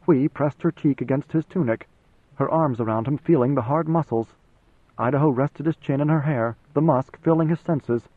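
A man narrating an audiobook in an even, steady storytelling manner. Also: on the high side, normal speed, no echo. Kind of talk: scripted narration. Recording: dry, phone-like narrow sound.

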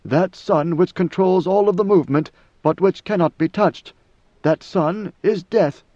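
A man's voice: sits high, a little slow, dark tone, dry recording, pitched above the performer's own voice. A man doing an ancient, solemn god-emperor. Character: ancient godlike male emperor, calm, solemn. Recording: dull lo-fi dry recording.

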